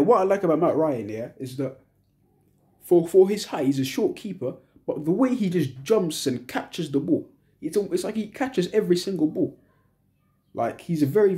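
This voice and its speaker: A young man rants through a football fan's post-match reaction. His voice sits a little high yet sounds dark and mellow. He is heated and frustrated, swearing freely and going back over the same points. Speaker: football fan pundit.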